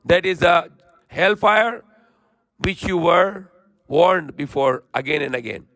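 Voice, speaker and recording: Male religious teacher, quick recitation with a high, bright voice; dry, close recording. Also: expressive, vocal fry, dry recording. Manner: recites verses quickly, then explains in slow plain English. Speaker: Islamic teacher. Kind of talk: Quran lesson with recitation and translation.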